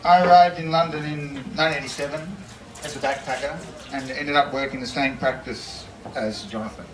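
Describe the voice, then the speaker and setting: A man's voice: a little high, steady tone, fairly quick. A middle-aged man giving a memorial speech, telling a story plainly and steadily. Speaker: speaker at a memorial. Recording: echoey room, distant mic, background noise.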